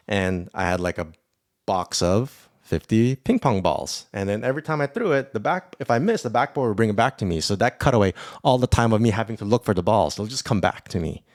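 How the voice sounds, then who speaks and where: A man with a low, deep voice hosts a casual solo podcast, rambling and cursing with bursts of excitement. The sound is dry and close, with no room echo. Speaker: podcast host.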